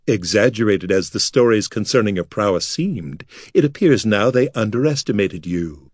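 A man voicing a cruel, scheming male noble who mocks his enemies in a smooth, theatrical manner. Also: fairly low pitch, animated, normal speed, no room sound, clean studio sound. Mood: mocking menace.

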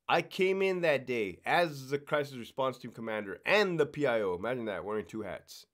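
A man's voice: medium pitch, lively intonation, normal speed, few pauses, a bit bright. A man who worked as a correctional officer, chatting casually on a podcast. He talks bluntly, swears a lot and keeps checking in with "right?". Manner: blunt and profane, explaining rules with lots of swearing.

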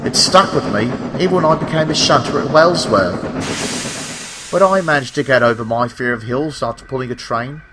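A man's voice: mid-range voice, moderate pace, in a large hall, noisy background, voice pushed up, natural voice. A man voicing an eager, reassuring male steam engine in a storybook tale. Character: excitable male old steam engine, young-at-heart.

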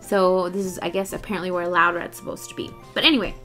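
A young woman chatting excitedly through a let's play, groaning and laughing at the game. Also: fairly low pitch, quick pace, soft background music. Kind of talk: casual gameplay commentary.

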